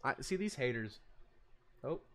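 A man's voice: medium pitch, lively intonation, measured pace, a bit bright. A young man live-streaming, chatting casually with a joking, sarcastic, swearing manner.

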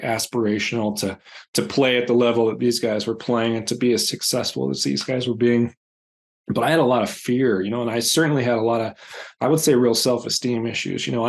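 A man in his forties, an entrepreneur guest on a podcast, answering in an earnest, candid way with pauses and restarts, sounding a little congested. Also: medium pitch, creaky. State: congested, clears throat. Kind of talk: reflective interview answers.

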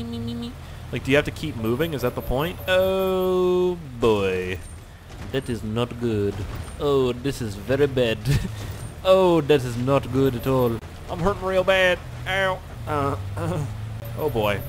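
A young man giving loose, joking, profane commentary while playing a video game. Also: medium pitch. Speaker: gaming YouTuber. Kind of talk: gameplay commentary. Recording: game sounds and noise behind.

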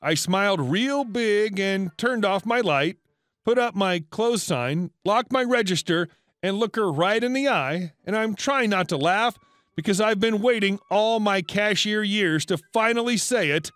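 High-voiced man narrating a story. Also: animated, unhurried, a bit bright, no room sound. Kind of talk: scripted narration. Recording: dry close voice with faint music.

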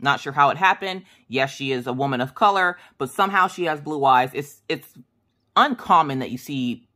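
A middle-aged woman telling a personal story in a casual, animated way, acting out what people said. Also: moderate pace. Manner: chatty, animated, acts out quotes in a high voice. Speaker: crafting vlogger.

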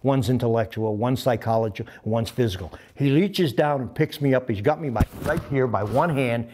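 An older man in his seventies spins stories from his flying days in a lively, profane way. He swears freely, acts out other people's lines, and makes engine and radio noises as he goes. His voice sits at an ordinary pitch for a man. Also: moderate pace. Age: 70s. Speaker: interviewee, veteran pilot. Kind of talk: animated storytelling.

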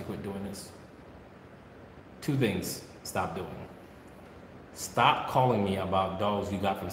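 A man who breeds dogs, talking casually and bluntly, scolding viewers and repeating his points. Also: fairly low pitch. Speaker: dog breeder. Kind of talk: casual vlog talk. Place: kennel with dogs barking behind. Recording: echoey room, noisy background.

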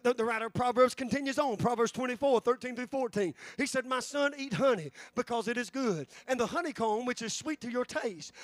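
A man preaching a sermon as pastor, fervently repeating phrases and rising to shouts. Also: very high-pitched, no echo. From United States. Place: church sanctuary.

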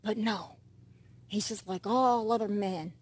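A woman's voice: medium pitch, measured pace, husky. A woman, casually narrating her pet cats as a playful mock drama while coaxing them along. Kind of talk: casual live narration of pets.

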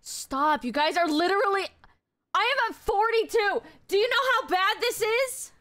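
Bright, animated young woman streamer. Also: very high-pitched, normal speed, no echo. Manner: exasperated, swearing, yelling at chat. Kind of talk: live game streaming.

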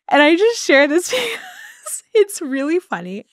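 A young adult woman co-hosting a podcast, telling a personal story in a casual, animated way, laughing often and acting out what people said. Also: very high voice, a little slow, no room sound, clean studio sound. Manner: animated, laughing, quotes people in acted voices. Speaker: podcast co-host.

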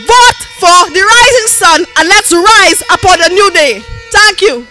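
High bright-voiced Trinidadian woman rallying voters. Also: measured pace, few pauses, soft background music, poor audio. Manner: rousing, rhythmic, chant-like calls to the crowd. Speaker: political candidate. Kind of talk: campaign rally speech.

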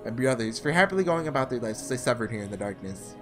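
A man voicing a desperate, shouting young man. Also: medium pitch, expressive, quick pace, over music, pitched below the performer's own voice, lightly acted. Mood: bitter. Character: anguished young man, tormented and furious. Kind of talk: reading a visual novel aloud.

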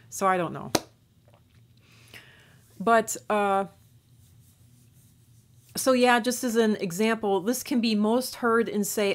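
A woman from northern Minnesota, with a faint Minnesotan accent worn down to a neutral American sound, talking in a digressive, rambling monologue full of restarts. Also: medium pitch. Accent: faint Minnesotan, mostly neutral American. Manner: digressive, many restarts and fillers. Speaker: YouTube channel host.

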